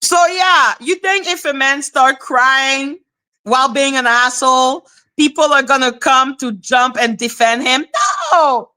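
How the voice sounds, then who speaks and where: A woman hosting a casual livestream chat, animated and casual, checking in with viewers with "okay?", laughing often and swearing casually. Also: high voice, measured pace. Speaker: livestream host.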